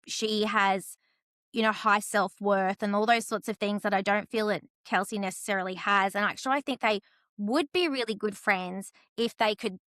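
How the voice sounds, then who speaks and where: A woman podcast host with a mid-range, fairly bright voice leads a casual chat, offering thoughtful, chatty commentary as she steers the talk. The studio sound is clean, with no room sound.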